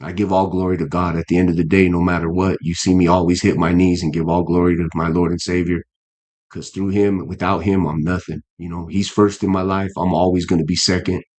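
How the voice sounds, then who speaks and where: A man's voice: low-pitched, level tone, brisk, a little mellow. A man in his fifties, a guest boxer in a casual interview, talking earnestly with many restarts and fillers. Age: 50s.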